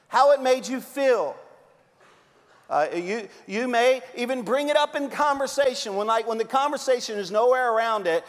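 A man preaching a sermon as a pastor, telling stories with big swings from loud to hushed. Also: sits high. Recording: long hall reverb.

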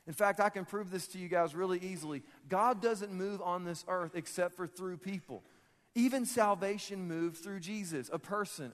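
Pastor guy in his 30s preaching, kinda high voice, jokes and laughs a lot, big echoey church hall. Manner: animated, joking, often laughing. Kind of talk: sermon with personal story. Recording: long reverb of a church hall.

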